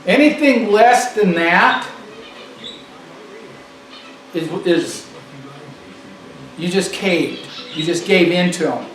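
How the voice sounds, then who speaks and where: A man's voice: high voice, takes it slowly, pauses often, a bit bright. A man delivering an emphatic political monologue, repeating phrases for stress, recorded far off in an echoey room with faint noise.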